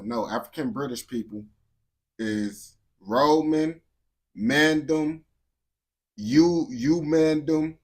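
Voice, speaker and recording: A young man talking loosely to his chat while reacting to a video, rambling and calling everyone bro. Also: fairly high pitch. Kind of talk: casual live reaction chat.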